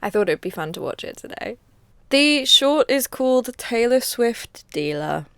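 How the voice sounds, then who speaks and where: A woman's voice: on the high side, sing-song, normal speed, a bit bright, clean tone, no room sound. Chatty woman laughing at her old sketch. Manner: chatty and self-mocking, laughs often. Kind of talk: casual reaction commentary.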